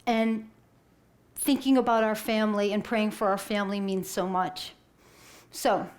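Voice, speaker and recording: A middle-aged woman giving an emotional storytelling talk, rising high when moved and dropping to a whisper. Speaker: inspirational speaker.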